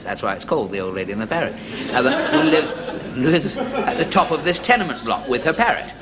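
A man tells a long joke on radio, his pitch rising and falling as he goes, and he drops wry asides along the way. Loud hiss runs under the broadcast. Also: very animated, fairly quick. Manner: wry, dry asides, puts on voices for the characters. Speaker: comedian telling a joke on radio. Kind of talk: stand-up storytelling before a live audience.

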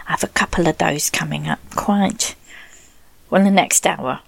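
A woman's voice: mid-range voice, expressive, normal speed, gravelly, no echo. A woman hosting a casual radio show from home, rambling and self-deprecating with laughs and whispered asides. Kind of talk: casual chatty radio presenting. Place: bathroom, dry close-miked sound. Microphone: desk mic, knocked often.

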